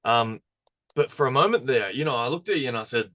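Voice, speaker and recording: A man's voice: mid-range voice, animated, a little fast, bright, forceful tone. A man co-hosting a podcast, telling stories in a laid-back way and laughing easily. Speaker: podcast co-host. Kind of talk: casual chat.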